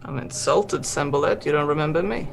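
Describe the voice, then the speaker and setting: A man playing a tabletop game, speaking in character in a cool, dry, quietly menacing way. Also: on the high side, brisk, gravelly, noisy background. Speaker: player.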